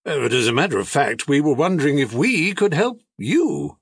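A man's voice: fairly high pitch, sing-song, normal speed, husky, dry recording, clean studio sound, pitched above the performer's own voice, heavily acted. A man voicing a nervous, hesitant middle-aged father who hems and haws. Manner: hesitant, stammering fillers.

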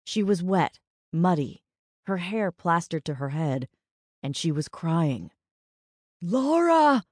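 Low-voiced woman narrating an audiobook. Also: dry recording, clean studio sound. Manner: measured, even storytelling. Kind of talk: scripted narration.

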